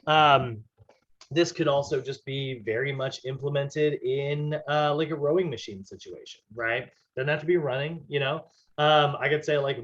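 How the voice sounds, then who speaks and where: Male fitness instructor, casual lecture, filler-heavy, mid pitch, slightly dull lo-fi recording. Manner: casual, chatty, many fillers and "right?".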